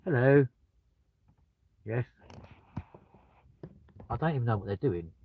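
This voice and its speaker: A man's voice: medium pitch, expressive, a little slow, slightly rough, phone-quality sound. A British man chatting live from his car, joking and laughing at himself. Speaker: live streamer. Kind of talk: casual live-stream chat. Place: in a car with the window open.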